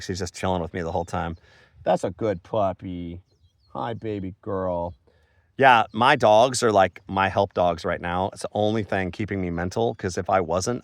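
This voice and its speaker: A man's voice: medium pitch, fairly bright tone, no echo. A man giving a frustrated, rambling monologue on his farm, emphatic and casual, calling people "bro". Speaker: farmer vlogger. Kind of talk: casual ranting monologue to camera.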